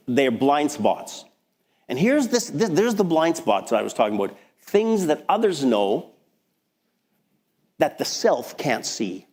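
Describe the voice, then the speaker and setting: A man preaching a sermon as pastor, talking in a conversational, animated way with frequent restarts. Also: fairly high pitch. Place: church sanctuary. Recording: long hall reverb.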